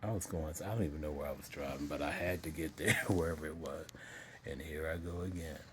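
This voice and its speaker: A middle-aged man earnestly telling his own story in a vlog, halting and repeating himself as he pauses to collect himself. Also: very deep voice, fairly even intonation, noisy background. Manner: earnest and emotional. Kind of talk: personal confessional storytelling.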